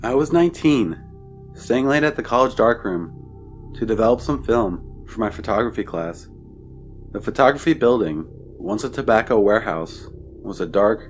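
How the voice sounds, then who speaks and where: A man narrating a true scary story in the first person with measured, descriptive wording. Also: on the low side.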